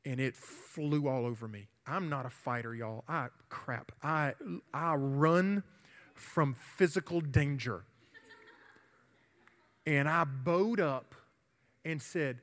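Animated high-voiced youth pastor. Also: male voice, slow pace, long pauses. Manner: animated, shouting during the retold confrontation. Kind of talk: sermon with storytelling. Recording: hall reverb.

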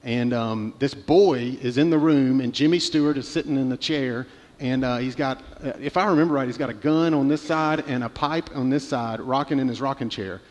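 A man's voice: medium pitch, moderate pace, darkish tone, long reverb tail, dull audio. A man in his thirties preaching a sermon, telling a personal story with many restarts and fillers. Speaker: pastor.

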